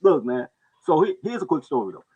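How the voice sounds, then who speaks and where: A man spins a street story with a lively, swooping delivery, his voice husky and a little raised in pitch. He tells it casually and acts out the people in it along the way. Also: a little fast, dull audio. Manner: animated storyteller, jumps into high-pitched voices for others. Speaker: podcast co-host telling stories.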